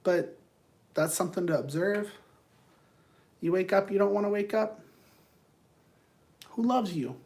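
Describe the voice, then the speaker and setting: A man's voice: high-pitched, a little slow, long pauses, darkish tone. A man who counsels people, talking straight to viewers in a casual, rambling motivational monologue, earnest and blunt.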